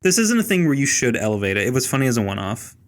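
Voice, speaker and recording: A man's voice: medium pitch, very animated, racing. A young man hosting a casual film podcast, chatting loosely and trailing off with filler words. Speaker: podcast host.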